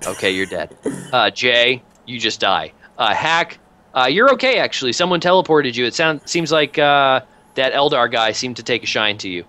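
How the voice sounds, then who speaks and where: A man narrating as game master of a tabletop game, animated and laughing often. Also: mid-range voice, normal speed.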